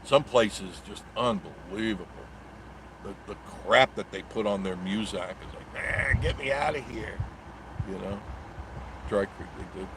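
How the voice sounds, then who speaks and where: A man's voice: deep voice, measured pace, noisy background. A middle-aged man hosting a casual live stream, reading viewer comments aloud and rambling through jokey banter with frequent chuckles.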